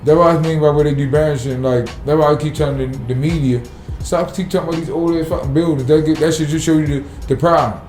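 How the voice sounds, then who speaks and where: A man talks fast and bluntly, swearing freely, his pitch sitting a little high and his tone dark and mellow. The room echoes around him, with faint music underneath. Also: fairly even intonation. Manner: blunt, profane, fired-up. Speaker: city sanitation worker, guest. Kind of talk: casual podcast interview.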